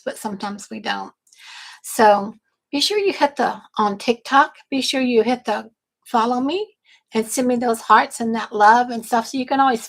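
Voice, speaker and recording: A woman's voice: a little high, creaky, low-quality recording. An older woman from Texas, a grandmother, hosting a casual livestream and chatting to viewers in a rambling, self-correcting way. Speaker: livestream host and business coach.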